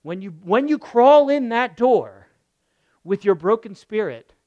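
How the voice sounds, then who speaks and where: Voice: medium pitch, sing-song, unhurried, no room sound, dull audio. Emphatic preacher with dry close sound. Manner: emphatic, swinging between loud bursts and soft murmurs; repeats key phrases. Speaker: pastor. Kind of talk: sermon.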